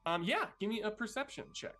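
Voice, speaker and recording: A woman's voice: mid-range voice, lively intonation, brisk, a bit bright, soft background music. A woman narrating as game master of a tabletop game, hesitant and full of fillers.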